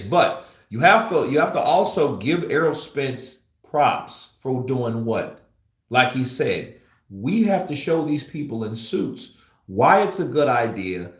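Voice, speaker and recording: A man's voice: mid-range voice, a bit bright. A man giving casual commentary on a boxing channel, rambling and blunt with lots of fillers. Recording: roomy echo.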